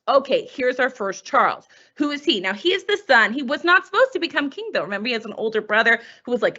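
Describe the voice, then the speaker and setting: A woman teaching a history lesson over slides, chatty and full of rhetorical questions. Her voice is bright and sits a little high. It swings up and down a lot, and the audio is dull and lo-fi.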